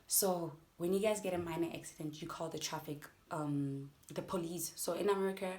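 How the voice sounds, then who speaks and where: Animated young South African woman vlogger. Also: lowish voice, brisk. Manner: animated, addresses viewers as guys. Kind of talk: storytime vlog.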